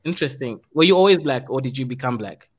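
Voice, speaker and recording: A man's voice: mid-range voice, lively intonation, fast, husky. A man leading a casual discussion, quizzing the others with wry questions.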